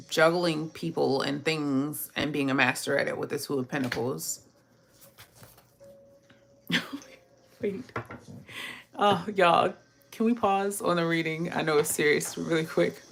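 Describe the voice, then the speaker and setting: Low, gravelly-voiced tarot reader woman. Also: unhurried, long pauses, a little hiss or hum. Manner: chatty, laughs often, talks to viewers directly. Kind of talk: casual tarot reading to viewers.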